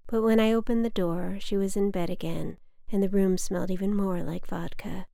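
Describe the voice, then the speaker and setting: A young adult woman reading her personal essay aloud in a hushed, often whispered, intimate way. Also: mid-range voice, steady tone, normal speed, creaky, no echo, studio quality. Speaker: narrator of her own memoir.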